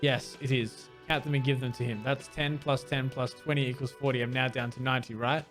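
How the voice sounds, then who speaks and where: Man, let's play host, reading game text aloud plainly, wry asides, stumbles on tricky words, mid-pitched voice. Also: flat delivery, brisk, a bit bright, faint music behind. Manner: trips over hard words and restarts.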